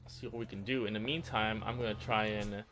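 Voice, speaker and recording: A man's voice: on the low side, steady tone, brisk, a bit bright, slight background noise. A man casually commenting while he plays a video game, laid-back and thinking aloud. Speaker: streamer playing a game. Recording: music from the game behind.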